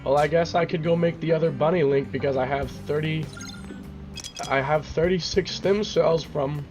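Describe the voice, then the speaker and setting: A man's voice: fairly high pitch, fairly even intonation, moderate pace, a little mellow, soft background music. A young man streaming a game live, baffled and swearing, repeating himself, his voice cracking and cutting out.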